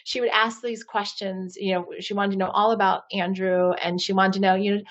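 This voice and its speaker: Speaking candidly as a podcast guest, this marriage coach in her forties tells personal stories in an interview, full of fillers like "you know." She has a mid-range voice with fairly even intonation and a moderate pace, leaving hardly any pauses.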